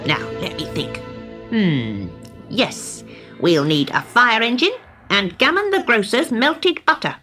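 Woman doing a gruff little imp hero. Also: a little high, big pitch swings, slow pace, music in the background, pitched above the performer's own voice. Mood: bossy. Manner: gruff and snappish. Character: brave, bossy male imp hero with a sword.

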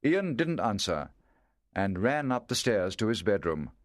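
A man narrating a story in a measured, clear reading voice. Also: on the low side, sing-song, dry recording, studio quality.

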